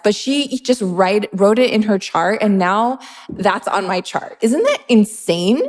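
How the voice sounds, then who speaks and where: A woman's voice: mid-range voice, expressive, measured pace. Chatty woman interviewer in a reverberant room. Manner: chatty storyteller, acts out quoted dialogue. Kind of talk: casual podcast interview.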